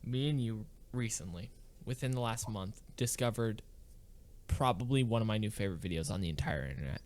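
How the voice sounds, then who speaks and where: A man's voice: fairly low pitch, a little fast. A young man co-hosting a podcast, telling stories casually and with enthusiasm. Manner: enthusiastic, animated storytelling. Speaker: podcast co-host. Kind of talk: casual chat.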